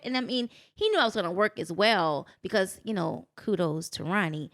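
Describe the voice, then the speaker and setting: A middle-aged woman, a podcast guest, telling personal stories in an animated, expressive way, acting out quotes and speaking with faith. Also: mid-range voice, moderate pace. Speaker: guest, business owner.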